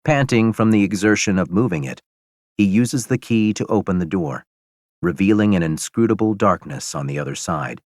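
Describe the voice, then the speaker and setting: A male audiobook narrator with a very low, deep voice tells a first-person story at a steady, measured pace. The recording is close and very dry, with no room sound behind it. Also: no room sound.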